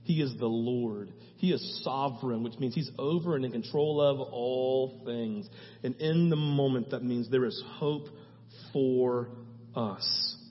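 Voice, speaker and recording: Passionate pastor preaching in an echoing hall. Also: male voice, medium pitch, a little slow, a little hiss or hum. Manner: passionate and conversational, poses repeated questions. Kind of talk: sermon. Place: church sanctuary. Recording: reverberant hall, slightly dull sound.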